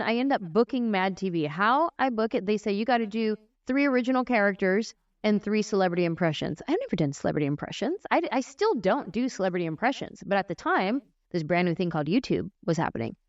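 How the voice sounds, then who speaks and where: Woman comedian telling animated stories. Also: medium pitch, fast talker, few pauses, no room sound. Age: 40s. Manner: animated, demonstrating voices and gestures as she tells stories. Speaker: guest comedian. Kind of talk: casual storytelling in a podcast interview. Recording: dry, slightly muffled lo-fi sound.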